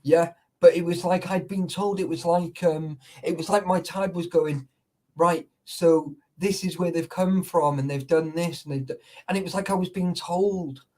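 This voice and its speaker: Male host, slightly high voice, rambling casual live-stream storyteller with heavy fillers. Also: steady tone, normal speed, a little mellow, low-quality recording. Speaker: urban explorer host.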